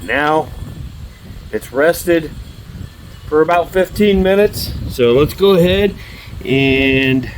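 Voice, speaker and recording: Slow-talking, excitable grill shop man. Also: fairly high pitch, slight background noise, rough recording. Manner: enthusiastic, drawn-out exclamations of delight; talks while chewing. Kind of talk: casual cooking demo and taste test.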